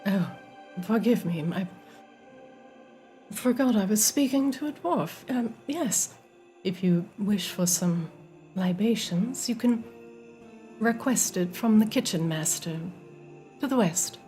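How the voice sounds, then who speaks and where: A woman's voice: medium pitch, expressive, slow, long pauses, dark tone, faint music behind. A woman voicing a courteous woman of a mystic order who speaks in a formal, old-fashioned way.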